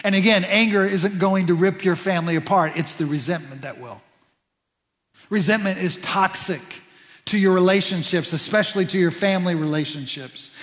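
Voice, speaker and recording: A man's voice: high voice, moderate pace, in a large hall. A man preaching a sermon as pastor, stressing points by repeating words and restarting phrases. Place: church sanctuary.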